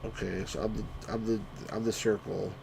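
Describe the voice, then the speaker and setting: A man streaming a retro game live, commenting excitedly, shouting at the on-screen sheep and greeting chat viewers. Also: lowish voice, brisk, creaky, noisy background. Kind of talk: live let's-play commentary.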